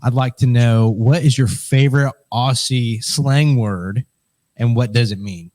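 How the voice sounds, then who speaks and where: A man's voice: mid-range voice, unhurried, darkish tone, no echo. A man co-hosting a casual interview, asking playful questions. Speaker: co-host.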